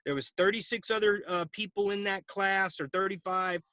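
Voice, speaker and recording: A man in his forties with a high, bright voice, heard close and dry over a video call. He tells his story in an animated way, laughs often and acts out the other people's lines as he goes. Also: normal speed, no room sound, dull audio. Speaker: guest, insurance agency owner. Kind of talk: storytelling interview. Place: at home.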